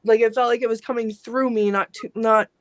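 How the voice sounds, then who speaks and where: A woman's voice: on the high side, steady tone, brisk, no echo. A woman investigating alone in a basement, talking over a video call in a hesitant, rambling, emotional way. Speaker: paranormal investigator. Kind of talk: live remote ghost hunt chat. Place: basement of old building.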